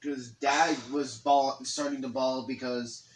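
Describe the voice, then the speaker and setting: A man's voice: medium pitch, level tone, a little slow. A young man co-hosting a casual chat, jumping in to add to a shared story. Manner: chimes in, adds to a shared story. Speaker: podcast co-host.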